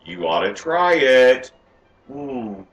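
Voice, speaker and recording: A man's voice: a little high, animated, takes it slowly, vocal fry, roomy sound, exaggerated voice. A man playing a sassy, campy woman home cook who hosts a comic cooking show from a home kitchen and teases the audience as she goes. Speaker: cooking show host character.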